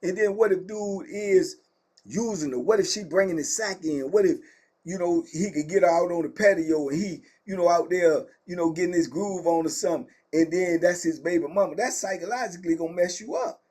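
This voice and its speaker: Host type: middle-aged man, husky and high-voiced, animated slangy storyteller. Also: brisk. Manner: animated, slangy, acts out quoted people. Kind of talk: casual prison story time.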